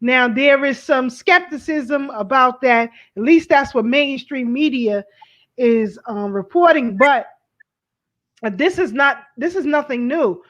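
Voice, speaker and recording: A woman's voice: high-pitched, slow, fairly bright tone, lo-fi sound. A woman co-hosting a talk show, speaking with emphatic urgency. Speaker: co-host. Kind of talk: casual commentary.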